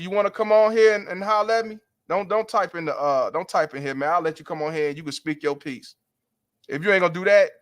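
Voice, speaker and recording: A man's voice: high-pitched, a bit bright. A man hosting a livestream, ranting bluntly and profanely in heated commentary. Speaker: livestream host.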